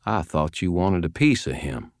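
A man doing a gruff, folksy old wizard. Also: low voice, sing-song, moderate pace, dry recording, clean studio sound, exaggerated voice. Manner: folksy, plain-spoken drawl.

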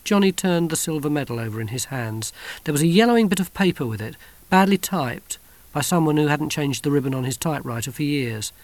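A male narrator reads a storybook in a measured, wry way, his voice sitting a little high for a man. The recording is dry and close, with no room sound. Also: expressive, no echo. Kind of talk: scripted audiobook narration.

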